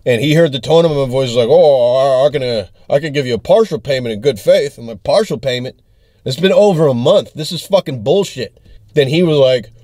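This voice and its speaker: A man's voice: medium pitch, expressive, a little fast, warm tone, dry recording, clean studio sound. Ranting, profane male comedian. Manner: angry, profane storytelling that acts out text exchanges. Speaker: touring comedian. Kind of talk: ranting video diary.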